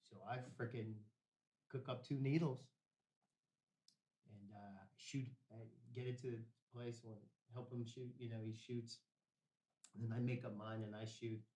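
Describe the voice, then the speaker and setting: A man's voice: mid-range voice, steady tone, measured pace, pauses often, warm tone, roomy sound, recorded from a distance, low-quality recording. A man telling a personal story as a podcast guest, blunt and profane, dropping "man" and "bro" constantly.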